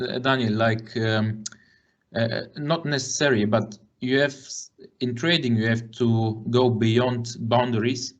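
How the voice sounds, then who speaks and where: Halting man explaining with fillers. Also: medium pitch. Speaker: trading coach. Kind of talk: casual explanation. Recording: dull lo-fi audio.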